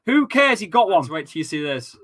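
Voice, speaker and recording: A man hosting a live football watchalong, talking excitedly, laughing often and shouting during goals. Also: high voice, a little fast, breathy edge. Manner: excitable, laughing, loud celebrations. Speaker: fan channel host.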